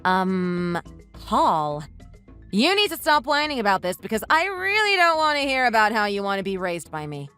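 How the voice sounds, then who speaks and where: A text-to-speech woman's voice voicing a scornful, sharp-tongued young wife who scolds her husband in a text-message story. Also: mid-range voice, sing-song, normal speed, smooth, faint music behind. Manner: mocking, scolding.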